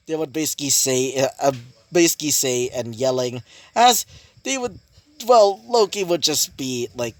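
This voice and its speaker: A man's voice: mid-range voice, lively intonation, moderate pace, no echo. A man casually narrating a fan-fiction story in a rambling way, full of fillers and restarts. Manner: rambling, full of fillers like "basically" and "you know". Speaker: YouTube storyteller.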